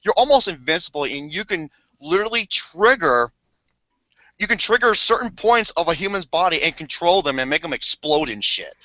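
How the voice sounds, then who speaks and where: A man co-hosting a casual podcast who is excitable and swears freely. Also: on the high side, moderate pace, no echo. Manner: excitable, swears, acts out quotes. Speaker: podcast co-host. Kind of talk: casual chat. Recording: dull lo-fi dry sound.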